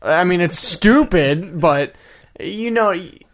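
A man's voice: high-pitched, lively intonation, slow, a bit bright. A man in casual podcast chat, asking hesitant questions and laughing often.

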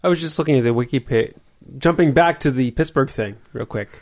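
Brief: gravelly-voiced man, relaxed podcast banter, reading bits aloud. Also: medium pitch, brisk. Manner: reads out facts, laughs easily. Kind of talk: casual chat.

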